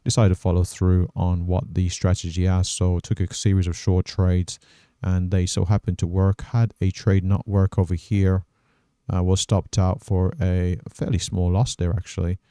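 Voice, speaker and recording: A man hosting a trading channel, walking through his day's trades on screen in a measured, methodical way and thinking aloud. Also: sits low, monotone, mellow, clear, resonant tone, no echo, studio quality. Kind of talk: casual trading recap over screen recording.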